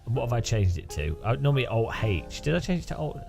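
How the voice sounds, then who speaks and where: A man's voice: medium pitch, big pitch swings, quick pace, vocal fry, over music. A man streaming a game, rambling and joking with his chat in a self-mocking way. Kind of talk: casual live stream chat while gaming.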